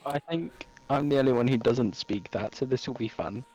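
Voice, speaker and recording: A man's voice: medium pitch, normal speed, a little mellow. A man playing in a tabletop game, chatting casually and asking questions. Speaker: player.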